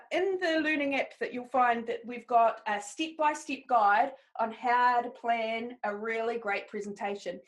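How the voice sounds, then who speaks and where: A woman teaching a live webinar on presentation skills, upbeat and encouraging as she talks straight to her audience. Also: on the high side.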